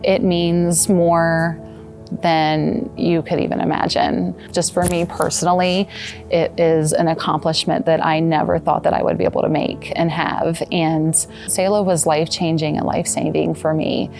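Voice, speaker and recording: A woman in her thirties giving a personal testimonial, earnest and halting, with soft restarts. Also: deep voice, flat delivery, creaky, soft background music. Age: 30s. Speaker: former patient giving a testimonial.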